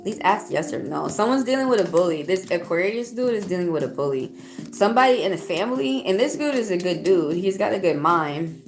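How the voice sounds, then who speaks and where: A woman's voice: lowish voice, expressive, a little fast. A woman with a Southern US accent giving a live-stream tarot reading, chatty and outspoken as she talks straight to her chat. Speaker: tarot reader. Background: faint background music.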